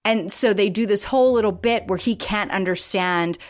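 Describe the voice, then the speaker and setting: A woman's voice: mid-range voice, moderate pace. A woman co-hosting a podcast, chatting casually and retelling scenes while acting out quoted lines. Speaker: podcast co-host. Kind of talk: casual chat.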